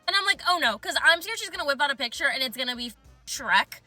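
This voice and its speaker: A woman's voice: high-pitched, animated, fast, bright, forceful tone, dry recording, faint music behind. A young woman telling a story casually to camera, chatty with lots of "like" and swears she cuts off.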